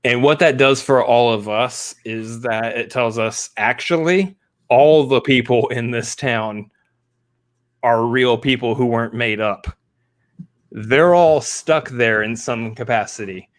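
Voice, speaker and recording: Casting: male co-host, casual chat, animated scene retelling. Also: medium pitch. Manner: animated retelling with quick acted-out quotes.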